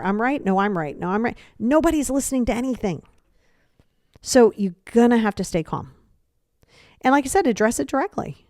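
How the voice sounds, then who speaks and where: A woman hosting a podcast, giving casual advice and acting out example dialogues in quick quoted voices, repeating phrases for emphasis. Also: a little high, creaky, dark tone, no echo, studio quality. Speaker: podcast host.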